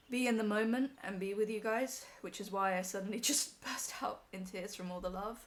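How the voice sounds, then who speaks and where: A young woman on a live stream, emotional and teary as she talks to her chat from home. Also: mid-range voice.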